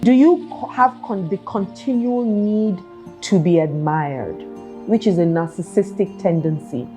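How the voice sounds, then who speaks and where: Mellow-voiced woman asking rhetorical questions. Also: mid-range voice, unhurried, faint music behind. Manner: earnest, asks listeners rhetorical questions. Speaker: podcast host. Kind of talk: self-help talk monologue.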